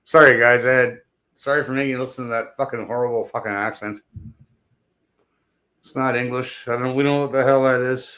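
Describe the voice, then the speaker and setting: A middle-aged man talks casually to his live-stream chat. His voice sits at a middle pitch, and his talk wanders from one joke to the next, with plenty of profanity. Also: fairly even intonation, brisk, sharp tone. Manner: rambling, profane, jokey.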